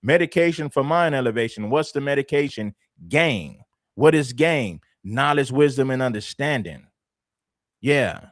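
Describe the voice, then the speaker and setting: A man from Los Angeles hosts a commentary livestream, pressing his points with emphatic repetition. His voice sits in a middle pitch and is recorded close and dry, with no room sound. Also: animated, measured pace, no echo. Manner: assertive, emphatic, repeats phrases. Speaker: livestream host.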